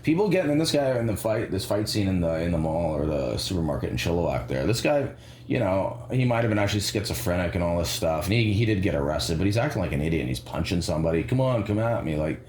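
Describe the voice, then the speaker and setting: A man giving sarcastic, rambling commentary, animated and fond of mimicking voices. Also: low voice, quick pace, echoey room, a little hiss or hum. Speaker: commentary vlogger.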